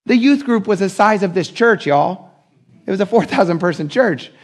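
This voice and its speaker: Male pastor, higher voice with gravel, talks to the congregation casually and acts out quotes with pitch jumps. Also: normal speed. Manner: conversational and animated, acting out quoted voices. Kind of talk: sermon.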